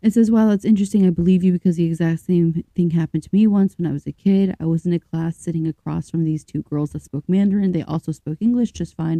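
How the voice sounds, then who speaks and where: Podcast co-host, woman, lowish dark mellow voice, chatty, dry close sound. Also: no room sound. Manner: chatty, thinks aloud with fillers and restarts. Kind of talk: casual podcast chat, reading stories aloud.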